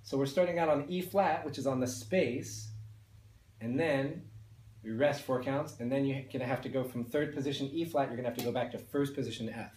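Speaking a little fast in a mid-range, darkish voice, a man teaches beginner band students with patience, counting and singing along to the notes as he explains each step. He's a music teacher, and the roomy recording carries a faint hiss or hum.

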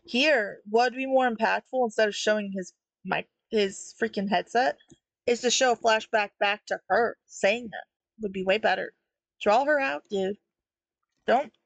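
Young woman critiquing a comic, casual and chatty, mid pitch, dry close sound. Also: normal speed, creaky, dry recording. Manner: chatty, critical, laughs often. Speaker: webtoon reviewer. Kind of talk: casual commentary while reading.

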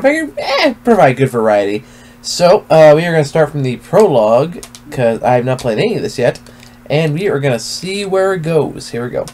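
A man's voice: medium pitch, darkish tone. A man hosting a let's play at home, reclining in his chair and giving casual, laid-back commentary with frequent swearing as he thinks aloud.

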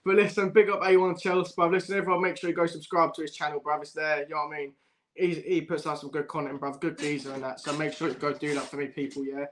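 A man's voice: a little high, fairly bright tone. A young man hosting a football fan livestream, swearing, laughing often and chatting to his viewers. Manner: swears a lot, laughs often, says bruv constantly. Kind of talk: casual livestream chat.

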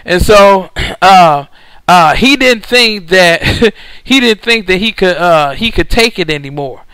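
Male preacher, high smooth voice, dry close sound, repetitive emphatic delivery. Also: expressive, slow, bright, forceful tone, poor audio. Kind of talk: recorded sermon.

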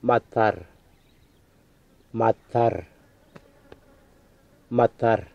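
A man with a lowish voice says each word three times, slowly and deliberately. The old field tape sounds thin and tinny, like a phone line. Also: vocal fry, no room sound. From Wadeye area, Northern Territory, Australia. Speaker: language speaker repeating words. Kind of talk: slow careful word repetition for recording.

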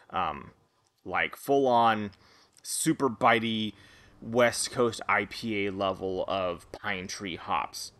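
A man with a bright, tense edge to his gravelly voice rambles through a casual beer review. He talks loosely, with plenty of fillers and chuckles. He is speaking outdoors by a lawn. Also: on the low side. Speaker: beer reviewer, podcast host.

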